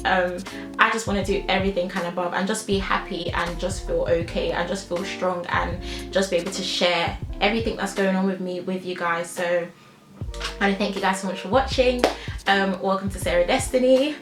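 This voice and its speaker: A woman's voice: fairly low pitch, steady tone, moderate pace. A young woman, talking to camera in an emotional vlog, heartfelt and emphatic, often laughing through tears. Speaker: YouTuber. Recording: echoey room with faint music.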